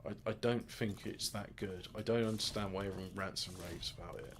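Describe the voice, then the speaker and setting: A man's voice: sits low, steady tone, fairly quick, slight background noise. A man giving rambling, joking let's-play commentary, muttering asides and mocking himself as he sets up his game. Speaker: gaming video host.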